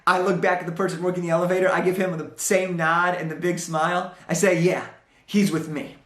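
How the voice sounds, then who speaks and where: A young man giving a motivational talk, telling a personal story in an animated way and acting out the dialogue. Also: sits high, quick pace, roomy sound. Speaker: motivational speaker.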